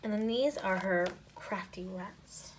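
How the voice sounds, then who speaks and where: A woman showing planner stickers in a casual haul, gushing and often dropping into soft half-whispers. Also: medium pitch, slow, slight background noise. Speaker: planner sticker shop owner and vlogger. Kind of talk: casual haul show-and-tell.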